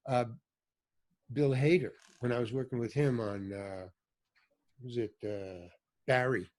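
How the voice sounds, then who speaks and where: A man's voice: mid-range voice, measured pace, darkish tone. Older man telling rambling anecdotes. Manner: rambling, self-interrupting, loses his thread. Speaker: podcast guest, actor and director. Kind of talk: casual storytelling interview.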